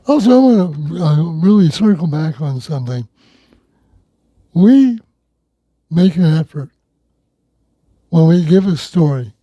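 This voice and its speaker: A man's voice: fairly high pitch, dark tone, no echo, highs cut off. A man hosting a local talk radio show, reading news items in a conversational, wry way.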